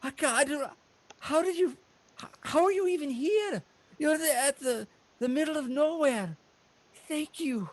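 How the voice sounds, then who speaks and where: A man's voice: extremely high pitch, animated, measured pace, pitched above the performer's own voice. A man voicing a flustered, grateful halfling father.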